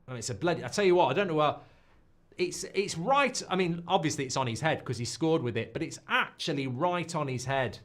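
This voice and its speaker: A man hosting a live football watchalong, reacting loudly to goals and swearing freely. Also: fairly high pitch, fairly quick. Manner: excitable, swears, shouts at goals. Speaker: watchalong host.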